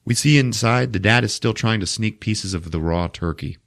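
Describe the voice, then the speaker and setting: A man's voice: fairly low pitch, very animated, slow, vocal fry, pauses often, fairly bright tone. A man hosting a podcast, recapping a movie in casual, profane talk, laughing often and acting out scenes. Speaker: podcast host.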